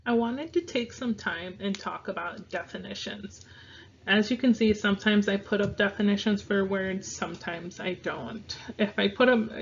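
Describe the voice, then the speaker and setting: Slow, gravelly-voiced woman teaching. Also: mid-range voice, highs cut off, a little hiss or hum. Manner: slow, repeats words for pronunciation practice. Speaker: Spanish teacher. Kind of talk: casual online language lesson.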